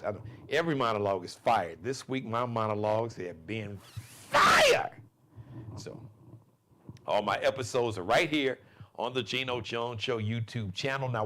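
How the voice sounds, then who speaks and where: A man's voice: medium pitch, a little hiss or hum. A man hosting his own live talk show, delivering a loose, laughing monologue. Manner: animated, laughing, loose and conversational. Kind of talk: live monologue, casual commentary.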